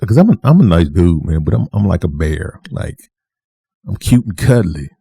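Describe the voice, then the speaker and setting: A man telling a personal story casually to the camera, animated and repeating himself for emphasis, acting out what others said. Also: deep voice, normal speed, creaky, slightly rough, no room sound. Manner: animated, acts out dialogue with shifting voices. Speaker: vlogger.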